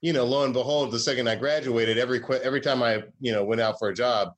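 A man's voice: medium pitch, steady tone, quick pace. A man from Georgia, a comedy writer, telling stories in a casual interview with many fillers and restarts.

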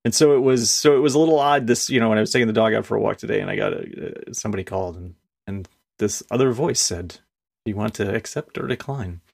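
A man's voice: lowish voice, racing, creaky, a little mellow. A man co-hosting a podcast, chatting casually and dropping dry wisecracks. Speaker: podcast co-host. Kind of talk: casual chat.

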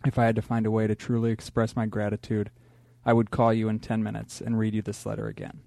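A man's voice: lowish voice, monotone, vocal fry, mellow, no echo. A man, a comic appearing as a guest, reading a heartfelt letter in a sincere, earnest way. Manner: sincere and earnest, a little halting in chat.

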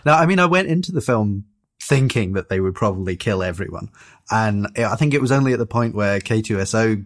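A man's voice: on the low side, animated, fairly quick. A man from Scotland on a podcast panel, speaking hesitantly with many fillers. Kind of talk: casual podcast chat.

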